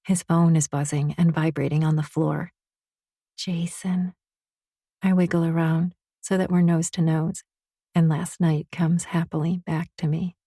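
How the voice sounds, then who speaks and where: Husky, warm-toned romance narrator woman. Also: low voice, level tone, moderate pace, no room sound, studio quality. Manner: intimate, confessional reading. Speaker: audiobook narrator. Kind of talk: first-person romance audiobook narration.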